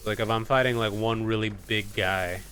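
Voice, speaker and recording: A man's voice: lowish voice, steady tone, moderate pace, a bit bright, slight background noise. A man streaming a video game, chatting casually in a rambling, profane way with many restarts. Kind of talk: casual gaming commentary.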